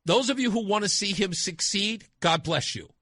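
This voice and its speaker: A male talk radio host delivering a mocking, animated opinion monologue. His voice runs high and swings widely in pitch, with a bright, sharp edge. The sound is dry and close, with no room around it. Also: normal speed, no room sound.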